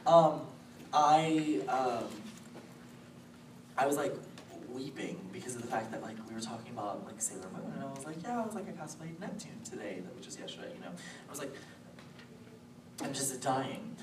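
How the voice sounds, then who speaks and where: A woman in her late twenties chats on a convention panel, full of giggles and filler words. Her pitch swoops up and down as she talks. She is recorded from far away in an echoey room with steady noise behind her. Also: a little fast. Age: late 20s. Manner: bubbly, giggly, lots of "like". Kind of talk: casual panel chat.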